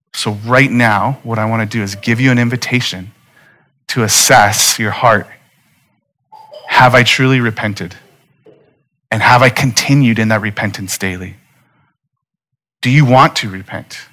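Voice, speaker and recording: A man's voice: lowish voice, unhurried, long pauses, fairly bright tone. A man, a pastor in his thirties, preaching a sermon in an earnest, conversational way with direct appeals to his listeners.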